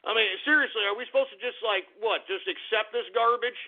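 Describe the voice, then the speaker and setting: A man's voice: very high voice, fast. A man hosting a talk radio show, ranting heatedly, swearing and stammering in agitation. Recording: phone-like lo-fi radio audio.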